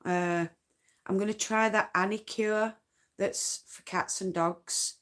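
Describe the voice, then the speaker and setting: A woman's voice: mid-range voice, steady tone, slow, a bit bright. A woman with a Yorkshire accent, chatting casually and rambling a bit on a late-night crafting livestream from home. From North Yorkshire, England. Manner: rambling, chatty, uses dialect forms.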